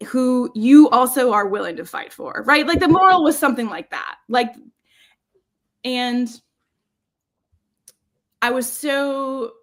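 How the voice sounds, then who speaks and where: Woman, casual podcast co-host, slightly high voice, rambling, restarts a lot. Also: vocal fry. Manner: rambling, self-interrupting, laughs often. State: juggling childcare while talking.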